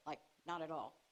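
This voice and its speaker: A woman preaching to a congregation, retelling a scripture story in a lively way, acting out the characters' lines and laughing along. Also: low-pitched, rough recording. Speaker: speaker at a congregation service. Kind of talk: teaching sermon.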